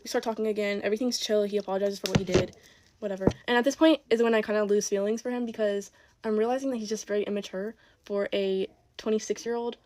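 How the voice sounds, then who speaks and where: A woman's voice: mid-range voice, steady tone, quick pace, a little mellow, slight background noise. An eighteen-year-old woman telling a casual, exasperated storytime, quoting people in her own voice.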